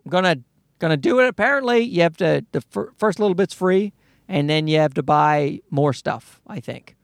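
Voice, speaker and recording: With a creaky, medium-pitched voice at a moderate pace, an animated podcast host rants casually, cursing frequently and restarting sentences often. The sound is clean studio quality with no echo.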